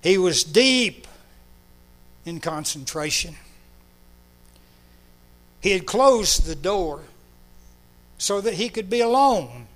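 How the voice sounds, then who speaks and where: A man preaching a sermon, telling a story in a gently emphatic way. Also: high-pitched, animated, takes it slowly, pauses often. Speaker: pastor.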